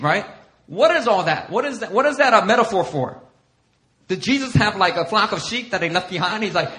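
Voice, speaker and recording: Animated man preaching a lively sermon. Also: sits high, moderate pace. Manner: animated, acts out quotes, laughs often. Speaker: pastor.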